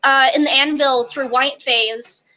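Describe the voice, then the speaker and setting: A young woman telling stories from army basic training in a casual interview, lively and quick, acting out the quotes. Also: high voice, highs cut off. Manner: animated, quick storytelling with acted-out quotes.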